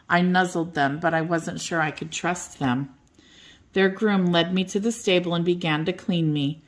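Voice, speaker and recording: An older woman reading a children's bedtime story aloud in a gentle, expressive way. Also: on the low side, moderate pace.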